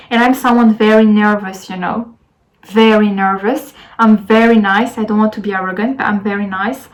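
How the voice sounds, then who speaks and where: A woman's voice: on the high side, steady tone, moderate pace, poor audio. A young woman with a French accent, telling a rambling story to her camera in a casual vlog, with lots of fillers and restarts. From France. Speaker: vlogger.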